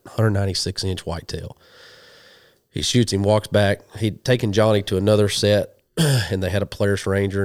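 A man from western Oklahoma, a hunting show guest, telling animated stories in a casual interview and quoting people as he goes. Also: low voice, no room sound, clean studio sound. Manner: animated storyteller, quotes people in dialogue.

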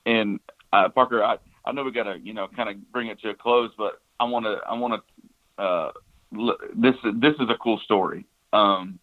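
A man's voice: lowish voice, fairly even intonation, moderate pace. A man, casually telling a hunting story, full of restarts and "you know"s. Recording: tinny phone-like line.

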